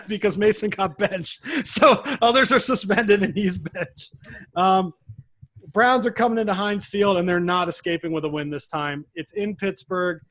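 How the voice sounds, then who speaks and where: A young man with a notably high voice co-hosts a casual sports podcast. He moves the talk along through game picks and laughs easily between points. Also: fairly bright tone. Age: young adult. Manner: laughs often, runs the picks. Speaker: co-host.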